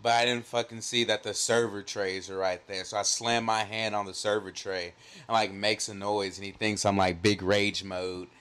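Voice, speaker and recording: A young adult man co-hosting a podcast, telling a story in casual chat, animated and profane, with lots of "like". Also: lowish voice, moderate pace, clean tone. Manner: animated, profane, heavy use of "like". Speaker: podcast co-host.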